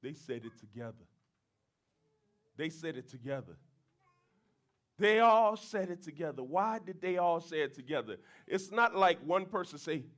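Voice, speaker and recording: A man's voice: high-pitched, moderate pace. A man preaching a sermon as pastor, switching into Creole and acting out crowd voices. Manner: animated, switches between English and Creole, acts out crowd voices. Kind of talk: bilingual sermon.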